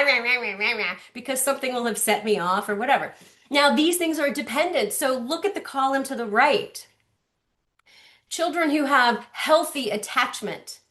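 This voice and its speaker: Woman, parenting educator, lively storytelling, acts out voices, slightly high voice. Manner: animated storytelling with acted-out voices. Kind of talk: lunch-and-learn talk.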